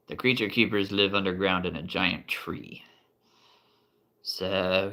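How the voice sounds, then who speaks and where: A man running a tabletop role-play game as game master, playful and quick to chuckle as he addresses his players. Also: low-pitched, vocal fry, bright, forceful tone.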